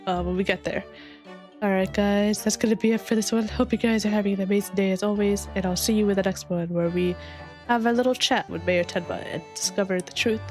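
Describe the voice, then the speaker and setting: A woman's voice: mid-range voice, a little mellow. A woman hosting a let's play, giving chatty, giggly commentary over the game. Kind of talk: casual gameplay commentary. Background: faint game music.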